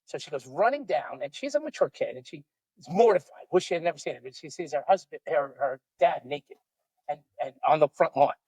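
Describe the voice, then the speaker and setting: Husky-voiced man telling jokes. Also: a little high, animated, a little fast, a little mellow, no echo, poor audio. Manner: playful joke-telling storyteller. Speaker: podcast co-host. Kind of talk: joking podcast banter.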